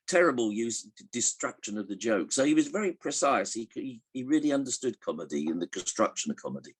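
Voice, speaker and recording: A man's voice: mid-range voice, expressive, quick pace, hardly any pauses, slightly rough. An older man telling anecdotes in an interview, hesitant with many restarts, chuckling as he tells jokes. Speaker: interviewee recalling a comedian. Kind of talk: relaxed anecdotal interview answers.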